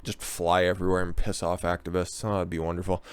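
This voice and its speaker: A man's voice: deep voice, little pitch movement, fast, smooth. A man hosting a reaction commentary, ranting with heavy profanity and sarcasm. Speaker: commentary channel host.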